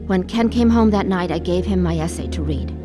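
Actress as an earnest, weary wife. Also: female voice, lowish voice, brisk, music in the background, natural voice. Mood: reflective. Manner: earnest, heavy with pain. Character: weary wife recalling her troubled past. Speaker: narrator and lead character. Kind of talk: radio drama narration and acting.

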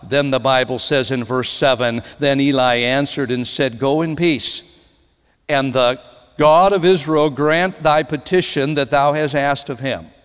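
A man preaching a sermon to a congregation in a church sanctuary. His delivery is dramatic, swinging between loud emphasis and hushed, soft tones. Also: medium pitch, unhurried, clear, resonant tone. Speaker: guest preacher. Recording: long hall reverb.

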